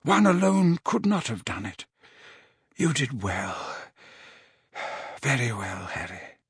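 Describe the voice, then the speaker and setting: Faint slurry old wizard headmaster, a guy reading him, slow and halting, kinda husky. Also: medium pitch, sing-song, dry recording, studio quality, exaggerated voice. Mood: faint, weary. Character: frail elderly male headmaster wizard, weak and gentle. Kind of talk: audiobook character voice.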